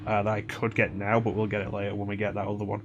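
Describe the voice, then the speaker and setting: A man's voice: lowish voice, monotone, fast, muffled recording, background noise. Rambling male game streamer. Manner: rambling, chatty, hums and scats to himself. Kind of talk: casual gameplay commentary.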